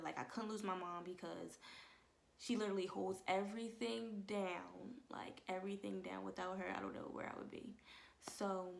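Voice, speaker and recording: At home, a young woman vlogs an emotional personal testimony in a casual way, often slipping into soft whispers. Her mid-range voice has a gravelly edge.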